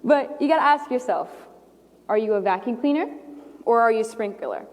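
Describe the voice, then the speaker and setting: A woman explaining a point during a church sermon, easygoing and plainspoken. Her voice sits a little high. A long reverb from the sanctuary trails her words. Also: lively intonation, normal speed, a little mellow. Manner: casual, explanatory, walking about the stage. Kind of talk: sermon teaching.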